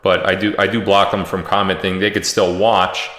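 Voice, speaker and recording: A man with a low, deep voice runs a loose, joking livestream from home, reading out viewers' comments and hometowns. His voice bounces around an echoey room with a long, lingering reverb. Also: little pitch movement, normal speed. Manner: joking, reads viewer comments and shout-outs aloud. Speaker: livestream host. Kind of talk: casual livestream chat.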